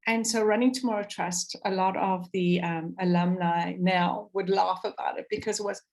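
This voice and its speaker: A woman's voice: lowish voice, steady tone, normal speed, few pauses, a little mellow. A South African woman speaking on a video call, telling a heartfelt story with passion and acting out what people said. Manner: impassioned, voice swings up and down, acts out quotes. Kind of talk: emotional storytelling to a call audience.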